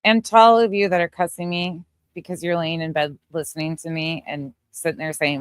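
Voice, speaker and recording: A woman's voice: deep voice, brisk, clear, resonant tone, dry recording, studio quality. A woman hosting a casual reaction commentary, blunt and profane, often breaking into laughter. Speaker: commentary channel host.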